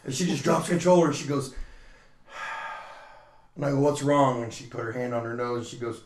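A man's voice: medium pitch, moderate pace, reverberant. A man casually telling stories among friends, acting out quotes in changing voices. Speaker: podcast co-host. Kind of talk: casual storytelling chat.

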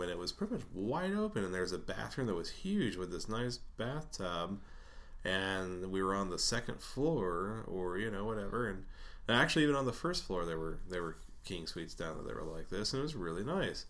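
A man's voice: fairly low pitch, big pitch swings, brisk, a bit bright. A man casually telling a rambling personal story, swearing often and laughing between lines.

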